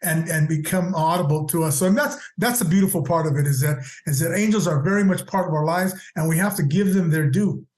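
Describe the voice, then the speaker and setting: A man's voice: a little high, a little fast, hardly any pauses, darkish tone, reverberant. A man co-hosting a Catholic radio show, speaking earnestly and reflectively, often repeating words. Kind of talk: casual conversation on Catholic radio.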